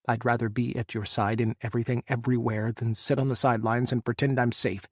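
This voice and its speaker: A man's voice: mid-range voice, little pitch movement, fast talker, darkish tone, slightly rough, dry recording, clean studio sound, natural voice. Man doing an earnest male president. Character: male president, steady in combat.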